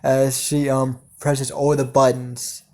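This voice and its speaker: A man's voice: medium pitch, little pitch movement, takes it slowly, a little mellow. A man narrating an improvised fan story, hesitant and full of fillers.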